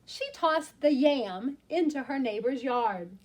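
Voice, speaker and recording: Woman teacher, story-time reader for young children; slow, animated, bright and high-pitched. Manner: expressive and animated, explaining words slowly and simply. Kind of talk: reading a picture book aloud to young children.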